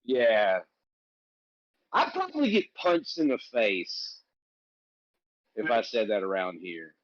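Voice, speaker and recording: A man with an Alabama Southern accent jokes and teases his way through a relaxed livestream chat. His pitch rises and falls a lot, and the sound is dry but dull and lo-fi, like call audio. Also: slow pace, no room sound. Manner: joking, teasing banter. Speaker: livestream host. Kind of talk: casual chat.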